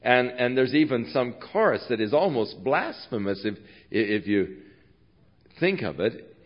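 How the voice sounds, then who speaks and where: Slow preacher guy going hushed then loud, kinda muffled old tape sound. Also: mid-range voice, big pitch swings. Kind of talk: sermon.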